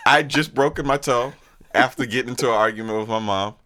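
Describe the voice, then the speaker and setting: A man in his thirties co-hosting a comedy podcast, an animated storyteller who laughs often. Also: mid-range voice, fast. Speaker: podcast co-host. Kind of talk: casual comedy chat.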